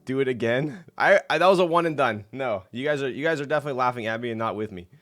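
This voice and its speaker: A man's voice: mid-range voice, fast, a bit bright. A young man casually chatting on his live stream, laid-back and rambling, laughing often and reading chat aloud.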